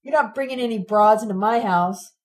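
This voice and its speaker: A woman reading aloud while voicing a menacing older father who shouts threats. She raises her pitch and volume for him. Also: a little fast, close to an everyday voice, low-quality recording. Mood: shouting.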